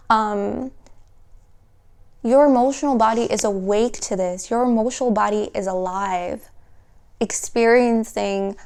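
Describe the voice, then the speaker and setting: A woman giving an intuitive tarot reading, talking softly and slowly in a dreamy way, often trailing off and starting her sentences again. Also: fairly high pitch, clean tone. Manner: soft, slow and dreamy, trailing off and restarting; emotional, at times laughing through tears. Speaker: tarot reader.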